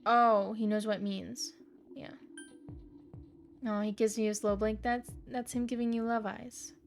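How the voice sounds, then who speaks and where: Streamer woman, unhurried excitable commentary over faint game music. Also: mid-range voice, gravelly. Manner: excitable, swears freely, reads game text aloud. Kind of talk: casual live game commentary.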